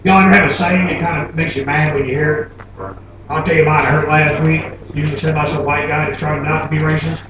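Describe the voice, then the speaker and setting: A man from Florida doing a stand-up comedy set, telling animated stories and laughing at his own jokes. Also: a little high, fast, highs cut off, a crowd in the background. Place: comedy club stage. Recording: very echoey club, taped from far off, noisy.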